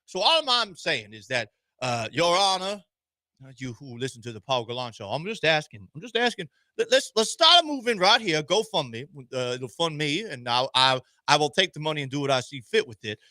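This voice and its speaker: A man hosting a sports talk radio show, animated and joking in a rapid-fire way. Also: fairly high pitch, dry recording. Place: radio studio.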